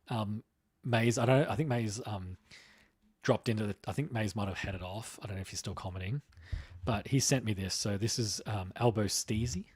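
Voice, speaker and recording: A man from Australia chats casually on a live stream with a low, husky voice. He rambles and reads out comments from the chat. The sound is dry and close, with no room echo.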